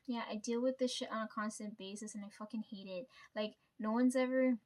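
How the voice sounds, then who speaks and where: A young Canadian woman vlogger vents in a casual monologue, blunt and swearing heavily, constantly tagging sentences with "right?". Her voice is fairly high with fairly even intonation, a little fast and darkish, and there's a slight hiss or hum.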